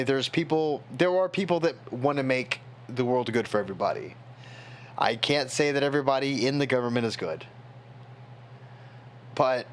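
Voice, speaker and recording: A man's voice: mid-range voice, a bit bright, a little hiss or hum. A tipsy man streaming, rambling in casual chat and talking to his chat moderators.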